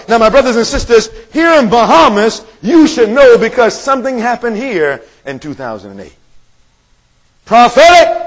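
A man's voice: high voice, low-quality recording. A male evangelist preaching a sermon to a congregation in a meeting room, emphatic and quizzing his listeners with questions.

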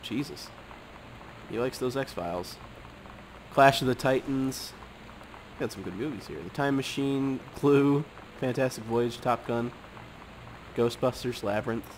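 A man's voice: medium pitch, measured pace, pauses often, a little hiss or hum. A man giving casual gameplay commentary, muttering offhand remarks, humming, swearing and reading items aloud. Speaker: game commentator.

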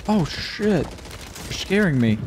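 Excitable whooping gaming streamer man. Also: high voice, takes it slowly, a little hiss or hum. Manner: excitable, joking, bursts into whooping shouts; swears casually, talks to chat. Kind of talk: live gameplay commentary.

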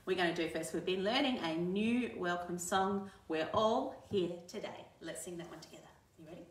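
A woman's voice: on the low side, a little fast, few pauses. A woman leading a livestreamed baby and toddler singing session, talking in a cheery, sing-song way to little ones and their parents. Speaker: library children's session presenter. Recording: echoey room, voice from a distance.

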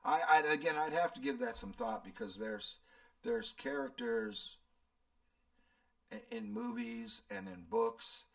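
A man's voice: high-pitched, big pitch swings, measured pace, creaky, fairly bright tone, far from the mic. A man in his seventies, a channel host, rambling and thinking aloud as he answers viewer questions. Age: 70s. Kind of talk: casual Q&A chat.

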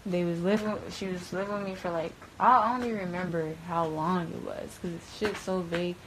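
A woman's voice: on the low side, fairly even intonation, moderate pace, a bit bright, slight background noise, low-quality recording. A young woman being interviewed, telling a story casually in heavy slang and profanity, acting out quoted dialogue and filling it with "bruh" and "like". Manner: frequent fillers and repeated "bruh". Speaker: interviewee, former roommate.

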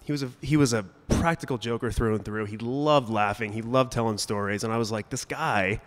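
Young adult male storyteller on a stage, easygoing delivery with comic timing and sharp bursts of emphasis. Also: medium pitch, fairly even intonation, a little fast, big-room sound. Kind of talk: personal storytelling to a live audience. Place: stage at a brewery event.

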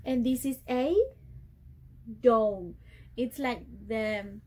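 A woman's voice: fairly high pitch, drawn-out words, dark tone, a little hiss or hum. A woman teaching a video class to young children, drawing out key words in a sing-song way for them to repeat. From Chile.

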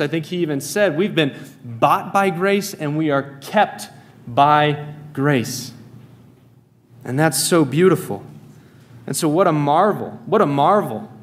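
An American man preaching a sermon in a church, earnest and emphatic, repeating key phrases. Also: on the high side. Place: church sanctuary.

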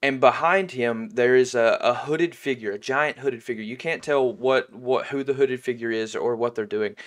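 Halting male game master narrating. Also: mid-range voice. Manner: halting, with many restarts and fillers.

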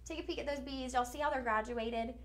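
A woman's voice: sits high, fairly even intonation, fairly quick. A woman hosting a live shopping stream, chatty, upbeat and a bit goofy. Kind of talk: live-stream jewelry selling. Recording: echoey studio room.

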